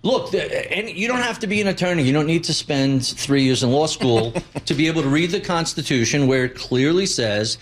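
A man's voice: on the high side, expressive, a little fast, few pauses, slight background noise. A man speaking as an investment guest on a broadcast, blunt, opinionated and wry. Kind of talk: broadcast interview.

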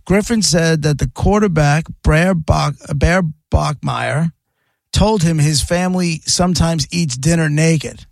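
A man hosts a radio show, loosely rambling through a story full of jokes in casual sports radio banter. His voice is a little high and unhurried, with vocal fry, in a dry recording.

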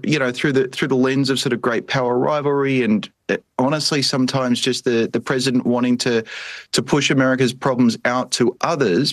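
A man, an economics professor speaking as a news guest in a relaxed, jokey way with restarts. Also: mid-range voice, dry recording. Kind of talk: casual conversational commentary.

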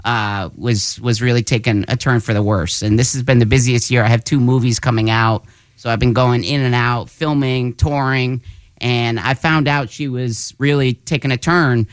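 A man's voice: mid-range voice, normal speed, clean tone, no room sound, studio quality. A man who is a comedian, telling stories in casual talk-show chat and acting out the quotes with laughs. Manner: animated storyteller acting out quotes, laughs often. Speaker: guest comedian.

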